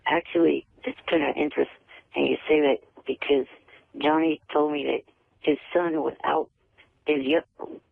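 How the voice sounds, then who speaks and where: A man calling in to a radio talk show, speaking haltingly with restarts and repeated words over a telephone line. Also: on the high side, steady tone, gravelly, no room sound. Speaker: caller. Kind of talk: phone-in radio chat. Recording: tinny phone line.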